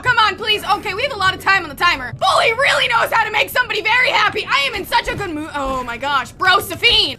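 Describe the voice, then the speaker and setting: A young woman hosting a let's play video, excitable, talking to herself and often yelling. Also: very high-pitched, quick pace, hardly any pauses, a crowd in the background. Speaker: gaming video host. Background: game music.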